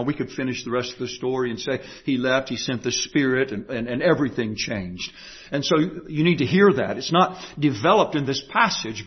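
A man's voice: medium pitch, husky, muffled recording. A man preaching a sermon, emphatic, repeating key phrases and asking the listeners rhetorical questions.

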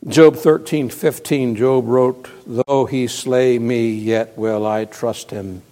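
A male pastor preaching a sermon, moving from hushed, quiet passages to loud, emphatic ones and repeating key words. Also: medium pitch, steady tone, takes it slowly. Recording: long reverb of a large hall.

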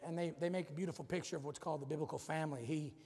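A man's voice: a little high, fairly even intonation, rapid-fire, a little mellow, husky. A man preaching a casual, joking sermon in a church, using a puzzle as an object lesson. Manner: folksy and joking, says y'all. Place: church sanctuary. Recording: reverberant church hall.

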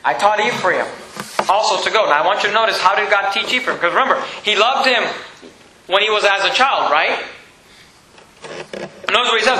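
Bright high-voiced preacher in echoey church. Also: male voice, lively intonation, a little fast, long pauses, slight background noise. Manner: preaching with emphatic, repetitive questions to the congregation. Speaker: pastor. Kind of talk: sermon.

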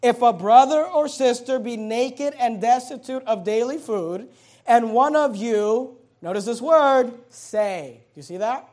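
A man's voice: very high-pitched, a little slow, a little mellow. A male pastor preaching a sermon, reading scripture aloud and emphatically stretching out key words.

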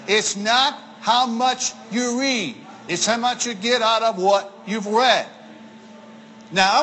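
A high-pitched man preaching to his congregation in a church. He is emphatic, repeats his key lines and drags out words for weight, with a faint hiss of room noise behind him. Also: pushed and bright, low-quality recording. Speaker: pastor. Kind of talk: sermon.

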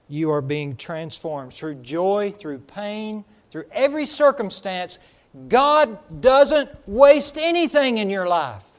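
High-voiced man preaching with fervor. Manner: emphatic, swings from loud to hushed, slows on key words. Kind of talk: sermon.

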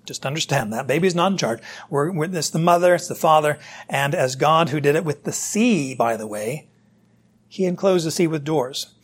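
A pastor preaches in an easy, conversational way, explaining scripture straight to his listeners. His voice is husky and sits a little high for a man. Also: lively intonation, normal speed. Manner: conversational, explanatory, addresses the congregation directly. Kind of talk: sermon, verse-by-verse Bible teaching.

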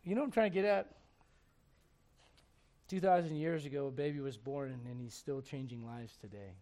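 A man in his forties, a pastor preaching a sermon in a church with joking, animated storytelling. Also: mid-range voice, brisk. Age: 40s.

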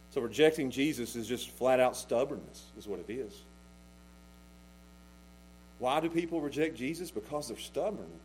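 A man preaching a sermon as pastor, passionate, swinging between loud pleading and hushed intensity. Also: medium pitch, a little hiss or hum, rough recording.

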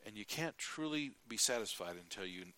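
A middle-aged male preacher delivers a sermon in a fairly low, expressive, bright, and forceful voice, speaking briskly. He tells folksy stories, acts out quotes, and clears his throat often.

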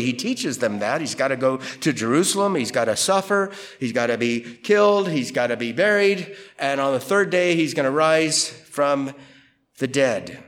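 A man preaching through a Bible passage verse by verse, conversational and emphatic, often asking rhetorical questions. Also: a little high. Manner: lively, emphatic delivery. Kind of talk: expository Bible teaching.

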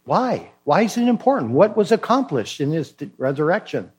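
A man's voice: a little high, sing-song, normal speed, husky. A man preaching a sermon as pastor, emphatic and questioning, acting out short dialogues.

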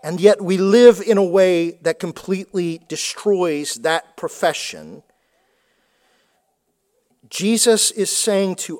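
Guy preaching, pretty high voice, keeps repeating words for emphasis. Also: animated, slow, darkish tone. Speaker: pastor. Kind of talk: sermon.

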